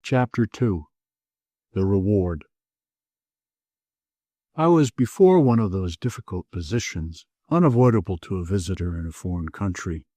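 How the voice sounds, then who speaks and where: A man with a lowish voice narrates a classic detective story in the first person, steady and measured. The sound is dry and close to the mic with no room echo. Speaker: audiobook narrator.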